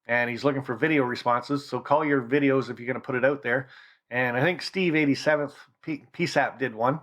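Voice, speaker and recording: A man's voice: medium pitch, steady tone, a little fast, a bit bright. A man hosting a casual live stream from his home, chatting loosely and reading out viewer names as he goes. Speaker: channel host. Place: home model railroad room.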